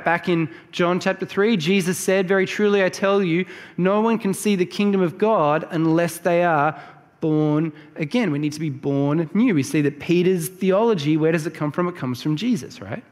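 High-voiced man preaching in a hall. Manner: explains verse by verse, checks in with the listeners. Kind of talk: sermon.

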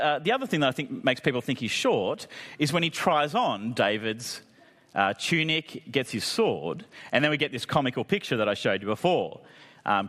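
A man's voice: medium pitch, a bit bright. A man preaching a sermon in a conversational way, with jokey asides. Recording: long reverb of a hall.

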